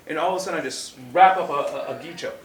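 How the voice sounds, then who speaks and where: A man casually telling a martial arts story, animated and full of restarts, acting out what people said. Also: a little high, rapid-fire. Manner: animated, acts out quotes loudly, many restarts. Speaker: martial arts instructor co-host. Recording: roomy echo, distant from mic.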